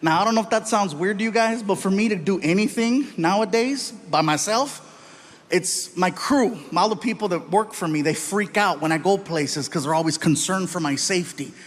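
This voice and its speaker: A middle-aged man telling a stand-up story in an animated, loud way, acting out each scene. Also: high voice, normal speed. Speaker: stand-up comedian.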